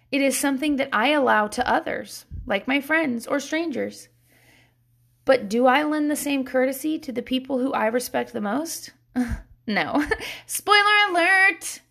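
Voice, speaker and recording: A woman's voice: high-pitched, gravelly. A woman, a mother of young kids, giving a candid, casual self-help talk, swearing freely and laughing often.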